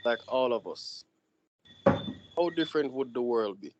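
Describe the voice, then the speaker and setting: A man's voice: mid-range voice, lively intonation, measured pace, dull audio, very noisy. A man co-hosting a casual podcast discussion, earnestly laying out an argument. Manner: earnest, making a point. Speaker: podcast co-host.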